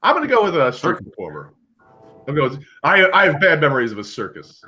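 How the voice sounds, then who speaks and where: A man co-hosting a casual game night chat, reading out questions and telling animated stories with acted-out voices. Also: on the high side, a little fast. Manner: animated storyteller, acts out voices. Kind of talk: casual chat on a video call. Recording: dull lo-fi call audio.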